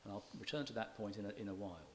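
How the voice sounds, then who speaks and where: In a church hall, a man delivers a public lecture on poetry in a measured, scholarly way, slowing to read verse aloud with stressed beats and now and then restarting his words. His voice is on the low side, with a little hiss or hum in the recording.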